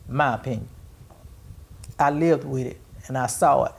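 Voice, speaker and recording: A middle-aged woman with a creaky, gravelly voice hosts a podcast conversation. She tells a personal family story in a rambling, searching way, often circling back before landing on the word she wants. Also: very deep voice, moderate pace. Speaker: podcast host.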